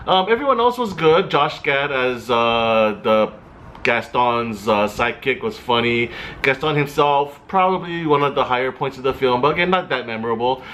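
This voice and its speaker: Guy rambling through a movie review, mid pitch, lots of ums and restarts. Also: lively intonation, moderate pace, a bit bright, slight background noise. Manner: chatty, hesitant with fillers and restarts.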